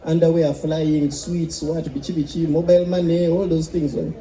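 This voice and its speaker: A man from Uganda with a Ugandan English accent, doing stand-up comedy with animated storytelling. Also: fairly high pitch, normal speed, echoey room, poor audio. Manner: animated storytelling with sung bits.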